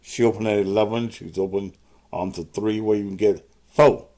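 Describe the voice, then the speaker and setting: Gravelly man, profane and combative. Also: lowish voice, fairly even intonation, normal speed, dark tone. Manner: profane, combative, cusses out viewers. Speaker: host of his own show. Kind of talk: live-stream monologue to commenters.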